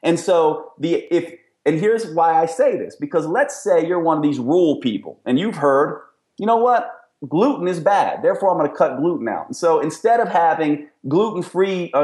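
Emphatic middle-aged man, podcast guest expert, slightly high voice, echoey room. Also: a little mellow. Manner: emphatic, explanatory. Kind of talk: podcast interview.

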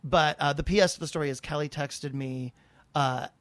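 A man in his forties spins a long, rambling story with animated, self-deprecating asides. His voice sits a little high. The sound is dry and close, with no room around it. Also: moderate pace, no room sound. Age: 40s. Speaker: comedian co-host. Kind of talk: casual storytelling chat.

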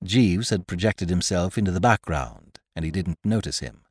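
A man reading a comic story aloud in first person, with an expressive, theatrical delivery. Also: deep voice, moderate pace, slightly rough, no room sound, clean studio sound. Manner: lively and theatrical, bright comic timing. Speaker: audiobook reader.

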